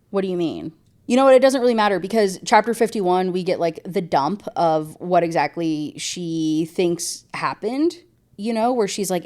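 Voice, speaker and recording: A woman's voice: fairly low pitch, moderate pace, darkish tone. Exasperated young woman ranting about a book. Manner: exasperated, slangy, rambling asides. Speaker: book reviewer. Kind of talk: casual book review rant.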